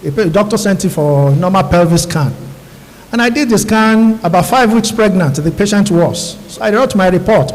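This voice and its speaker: A middle-aged Nigerian radiologist addresses a room of new doctors, telling his stories earnestly and speaking straight to them. His voice sits high for a man. The sound carries a long echo from a big auditorium. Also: lively intonation, normal speed. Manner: earnest, storytelling, addresses audience directly. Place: large university auditorium. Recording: long hall reverb.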